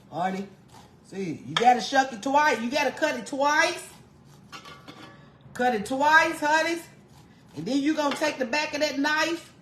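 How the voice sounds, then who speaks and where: A woman's voice: high voice, fairly bright tone, reverberant, slight background noise. A woman demonstrating home cooking, folksy and chatty, calling the viewer honey and laughing often. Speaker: home cook vlogger. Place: home kitchen.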